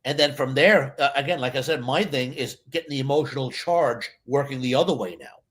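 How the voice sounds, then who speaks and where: A man, a stage hypnotist, chatting in a casual interview and telling lively stories, acting out other people's voices. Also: medium pitch, a little fast. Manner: animated storyteller, acts out voices.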